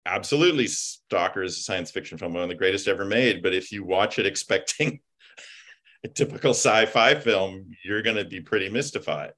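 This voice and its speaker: A man, a film writer and producer, chatting casually and telling animated stories full of fillers and digressions. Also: sits low, moderate pace. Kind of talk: casual chat.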